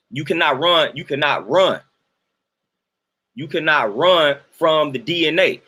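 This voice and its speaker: Husky-voiced man preaching on a livestream. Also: on the high side, fairly bright tone. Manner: repetitive, emphatic, sermon-like cadence. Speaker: livestream host.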